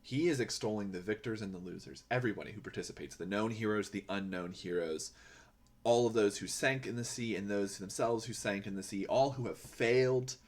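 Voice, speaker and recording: On his poetry podcast, a man talks a little fast in a lowish voice. He offers earnest, emphatic reflections on a poem, frequently asking "right?" rhetorically.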